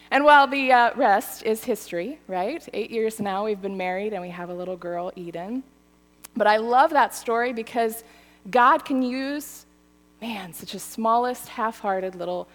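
A woman in her thirties giving a sermon, telling a story with lively, animated delivery. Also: mid-range voice, normal speed. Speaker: church speaker. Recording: hall reverb.

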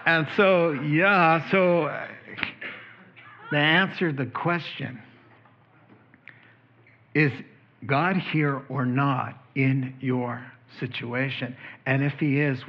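Male pastor, sermon, chatty and lively delivery, mid-pitched voice, slightly dull lo-fi sound. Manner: conversational, animated, acts out quoted voices.

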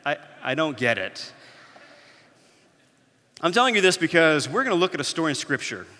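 A pastor in his thirties preaches with a bright, forceful voice, telling family stories with animated, self-mocking humor. His voice rings out with a long reverb, like a large church hall. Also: fairly high pitch, normal speed. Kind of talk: sermon. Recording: echoey hall.

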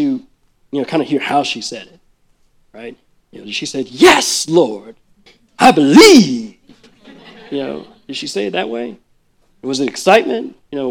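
A man preaching a sermon in a conversational, animated way, full of asides and acted-out quotes. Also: creaky. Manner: acts out quoted speech with big pitch jumps. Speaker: worship leader preaching.

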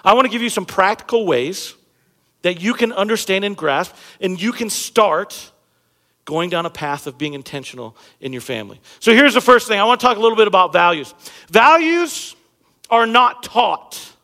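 A man in his thirties preaches from a church stage, mixing jokes and chatty asides with the congregation. His voice sits high for a man and he leans hard on key words. A long reverb from the big hall trails behind every phrase. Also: sing-song, moderate pace, bright, forceful tone. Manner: conversational and humorous, jokes with the congregation; emphatic, punching key words. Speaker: pastor. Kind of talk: sermon. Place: church sanctuary stage under bright lights.

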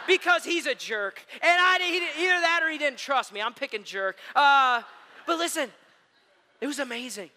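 High bright-voiced man preaching. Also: moderate pace, in a large hall. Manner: animated storyteller, addresses listeners as gang. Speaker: pastor. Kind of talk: sermon.

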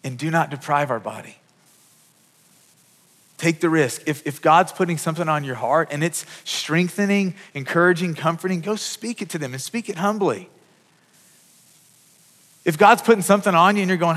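A man's voice: sits high, moderate pace, a bit bright. Conversational pastor man in a reverberant hall. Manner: conversational preaching with frequent repeated words and restarts. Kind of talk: sermon. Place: church sanctuary. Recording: long reverb of a large hall.

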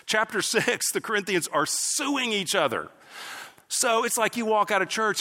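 A man preaching a sermon as pastor, animated and explaining scripture with acted-out asides. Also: sits high, moderate pace, big-room sound.

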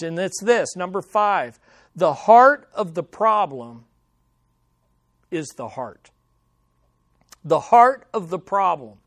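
A man preaching a sermon as pastor, delivering lines with dramatic, slow, punchy emphasis. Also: a little high, dry recording, clean studio sound.

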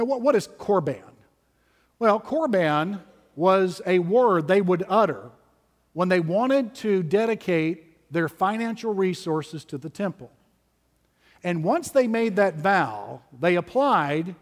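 A man preaching with slow, deliberate emphasis, leaning hard on key words. His voice is pitched high for a man. A long reverb hangs around him as if he stands in a large hall. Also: animated. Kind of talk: expository sermon.

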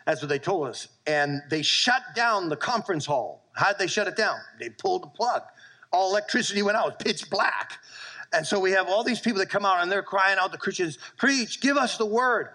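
A middle-aged male pastor preaching a sermon, telling animated stories and calling for amens from his church. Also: sits high, a little fast, low-quality recording.

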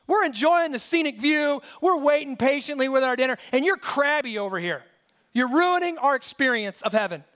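High-pitched pastor guy in his 30s, preaching, lots of questions, lively stories. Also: normal speed. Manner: animated storytelling with rhetorical questions. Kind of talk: sermon.

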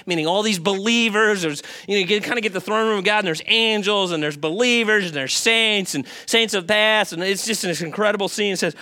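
A male pastor delivering an animated sermon, his voice bright and a little high. He keeps asking the congregation questions to pull them in. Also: fairly quick, few pauses.

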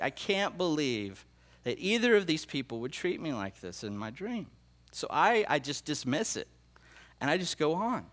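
A man's voice: fairly high pitch, sing-song, normal speed, fairly bright tone. A middle-aged man, a pastor, telling his dreams in a sermon, earnest and emotional, often repeating and restarting his phrases. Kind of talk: sermon sharing prophetic dreams.

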